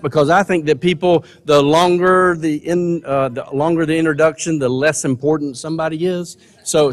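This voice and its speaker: An older man with a slightly high voice delivers a commencement speech in a big gymnasium. He speaks in a folksy, earnest way and repeats phrases for emphasis. His voice rings with a long hall echo. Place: large college gymnasium.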